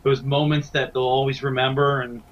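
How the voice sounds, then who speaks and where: A man's voice: mid-range voice, little pitch movement, moderate pace. A middle-aged man, a wrestling broadcaster, chatting eagerly as a guest with stammering restarts from his home den. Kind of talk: casual interview chat. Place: small home man cave. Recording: dull lo-fi sound, faint noise.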